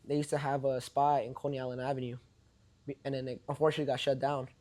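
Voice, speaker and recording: Fast-talking New guy. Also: mid-range voice, little pitch movement, darkish tone. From Brooklyn, New York. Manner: laid-back, slangy storytelling full of "like" and "you know". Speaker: podcast guest, party promoter. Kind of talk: casual interview chat.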